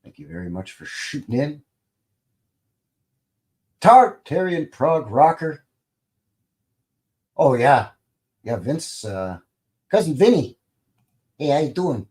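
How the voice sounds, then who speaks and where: Lively rambling male live-streamer. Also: on the high side, slow, pauses often. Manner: rambling, greets and reads viewer comments; jokey and informal, swears lightly. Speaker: livestream host. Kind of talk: casual live-stream chat.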